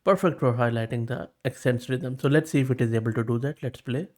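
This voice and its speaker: A man hosting a tech video, walking through a demo in a relaxed, chatty way. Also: mid-range voice, fast talker. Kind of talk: casual screen walkthrough.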